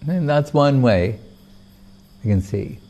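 A man giving a devotional talk, retelling a sacred story in a measured, unhurried way with pauses. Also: medium pitch, expressive, mellow. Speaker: spiritual teacher.

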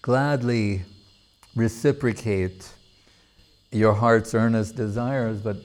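A man voicing a gentle humble saint. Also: lowish voice, steady tone, takes it slowly. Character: humble devout older male ascetic saint.

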